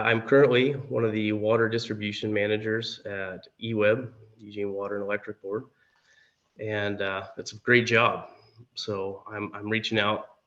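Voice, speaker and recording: A hoarse man from Oregon, a candidate giving an opening statement at a forum, talking haltingly with many fillers. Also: on the low side, fairly bright tone. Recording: dull lo-fi audio.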